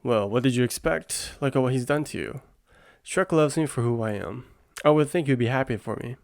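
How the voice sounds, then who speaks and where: A man's voice: mid-range voice, brisk, vocal fry, no room sound, studio quality, natural voice. A man voicing an earnest young princess in a whispered role-play, defensive in tone.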